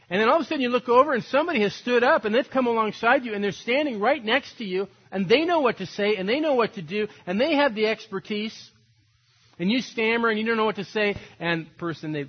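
A man's voice: very high-pitched, slightly rough, highs cut off. An older man preaching a sermon, telling stories animatedly and acting out quoted voices. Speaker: pastor.

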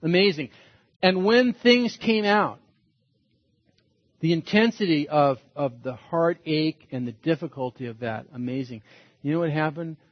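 A man's voice: fairly high pitch, measured pace, dry recording, highs cut off. A man preaching a sermon as a pastor, earnest and emphatic, repeating his points.

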